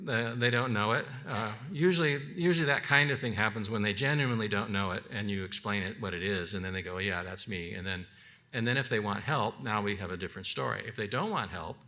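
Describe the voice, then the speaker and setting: Bright-toned man teaching biblical counseling. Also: lowish voice. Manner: conversational, acts out counseling dialogues; halting restarts and repeated words. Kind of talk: unscripted teaching session.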